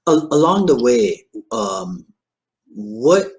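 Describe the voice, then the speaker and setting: A male podcast host leads a relaxed conversation with a guest. He talks at an unhurried pace, and his pitch rises and falls in a lively way. He often restarts his sentences and fills the pauses with quick yeahs. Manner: animated, halting restarts, frequent backchannel. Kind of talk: casual interview conversation.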